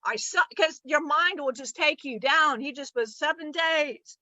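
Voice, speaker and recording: A woman giving a channeled spiritual teaching, animated and blunt, with casual profanity and acted-out voices of others. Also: sits high, measured pace, no room sound, poor audio.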